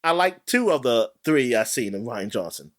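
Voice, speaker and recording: Animated male podcast co-host. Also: medium pitch, moderate pace. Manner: animated, swears freely, jokey. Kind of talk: casual chat.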